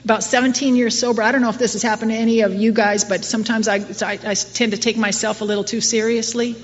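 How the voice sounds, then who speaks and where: Speaking fast in a level tone with a slightly high voice, a middle-aged woman tells a recovery group in a meeting hall about herself. She pokes wry fun at herself conversationally and restarts many times. The audio is distant and muffled.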